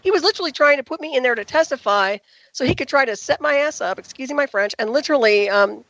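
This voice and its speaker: A woman guest telling her story in an interview, talking rapidly and emphatically. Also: high-pitched, animated, fairly bright tone, lo-fi sound. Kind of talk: radio interview call.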